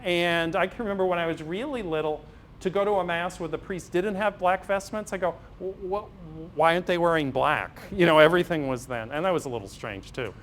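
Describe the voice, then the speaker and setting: Storytelling man, slightly high voice. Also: quick pace, slight background noise. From Massachusetts, USA. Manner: storytelling, acts out dialogues with humor. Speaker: priest and physician giving a parish talk. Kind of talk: anecdotal public talk. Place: parish hall.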